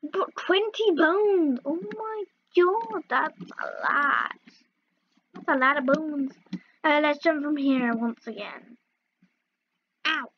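A woman's voice: sits high, takes it slowly, lo-fi sound. A woman casually commenting as she plays a video game, playfully yelping and groaning at each fall. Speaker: gaming video host. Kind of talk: casual let's-play commentary.

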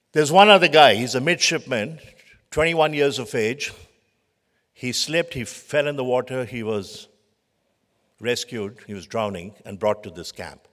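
A man's voice: medium pitch, fairly bright tone. Man lecturing in a reverberant hall. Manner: emphatic, builds lists of short phrases. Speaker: physician giving a leadership lecture. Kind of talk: conference lecture with storytelling. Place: conference hall.

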